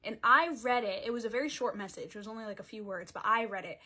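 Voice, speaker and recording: In a laid-back storytime vlog, a young woman dramatically relives a story, talking animatedly and leaning heavily on "like." She speaks quickly, in a slightly high voice.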